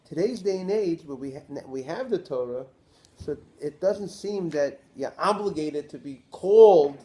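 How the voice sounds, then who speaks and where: A man, a rabbi, giving a Torah class lecture in an animated way, posing rhetorical questions to his listeners. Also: a little high.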